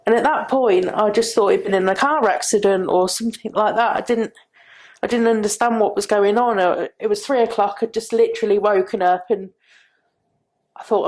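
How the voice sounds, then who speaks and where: A middle-aged woman recounting a painful personal story as a podcast guest, halting and repeating herself. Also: medium pitch, fairly even intonation. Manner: halting, repeats phrases, quiet.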